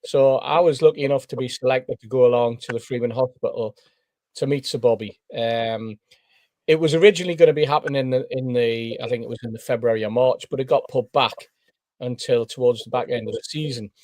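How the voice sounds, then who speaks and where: A man's voice: medium pitch, brisk, dry recording. A man telling a story as a podcast panelist, acting out the voices of the people in it. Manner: animated storyteller, acts out quoted voices. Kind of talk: casual anecdote telling.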